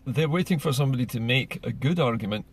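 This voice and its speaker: A man's voice: medium pitch, lively intonation, fast talker, husky. A man, speaking in an earnest, persuasive political monologue full of rhetorical questions. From Scotland. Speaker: political commentator.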